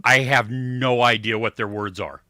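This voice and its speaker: Bright-voiced excitable man on a podcast. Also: medium pitch, unhurried, dry recording, clean studio sound. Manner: excitable, rambling tangents with laughter. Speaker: podcast co-host. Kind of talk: casual chat.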